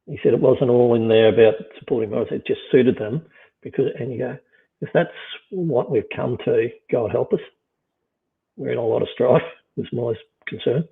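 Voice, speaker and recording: A middle-aged man talks casually and circles his points with endless fillers. His voice has a gravelly fry at its base. It sounds squeezed through a narrow, phone-like line. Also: mid-range voice, moderate pace. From Australia. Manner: rambling, many "you know" fillers and restarts. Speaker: business leader guest. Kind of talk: casual conversation.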